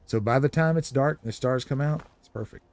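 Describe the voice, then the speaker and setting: A man's voice: mid-range voice, fairly quick, darkish tone. A man giving casual, rambling commentary while streaming a video game. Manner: chatty, rambling, explanatory. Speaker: gaming streamer.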